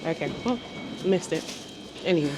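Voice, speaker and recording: A young woman, chatting casually to camera as she walks around the city, bubbly and quick to laugh. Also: lowish voice, animated. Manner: chatty and bubbly, laughs often, talks to camera while out walking. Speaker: vlogger. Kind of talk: casual vlog chat. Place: outdoors and in a train station. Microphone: small clip-on mic. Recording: noisy street and station background.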